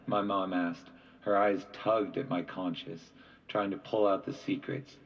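Low-voiced man reading a novel. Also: steady tone, measured pace, breathy edge, distant mic, muffled recording. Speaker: audiobook reader. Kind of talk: first-person novel narration.

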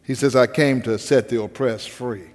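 A man preaching a sermon as pastor, with rising emphasis and pauses. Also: medium pitch, steady tone, big-room sound.

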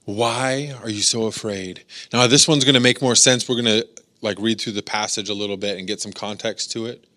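A man's voice: fairly low pitch, steady tone, fast, bright, forceful tone. A man preaching as a pastor in a casual, talky way, full of "like" and acted-out voices. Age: adult, has daughters. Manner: conversational, filler-heavy, acts out voices. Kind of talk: casual youth sermon.

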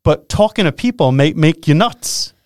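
Excitable male radio host. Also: a little high, no room sound, studio quality. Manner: energetic, animated, quick to laugh. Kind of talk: excited casual radio talk.

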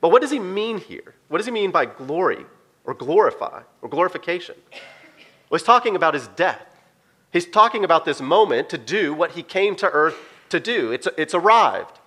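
Bright-voiced man preaching casually. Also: high-pitched, big pitch swings, normal speed, husky. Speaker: pastor. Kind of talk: sermon.

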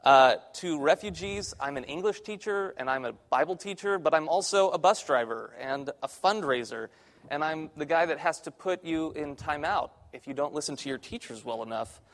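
A man's voice: fairly high pitch, lively intonation, normal speed, fairly bright tone. Young man preaching with wry humor. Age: young adult. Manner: conversational, self-deprecating humor. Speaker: church intern preaching. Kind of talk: sermon. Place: church sanctuary.

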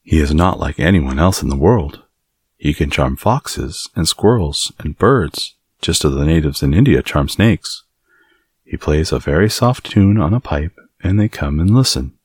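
A man's voice: extremely low pitch, lively intonation, unhurried, darkish tone, husky, no room sound, heavily acted. A man reading as a plain-spoken little girl. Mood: earnest.

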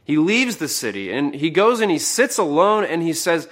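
A man's voice: on the high side, very animated, normal speed, hardly any pauses. Earnest man preaching a sermon. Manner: earnest, rises for quoted outbursts and drops to a hush.

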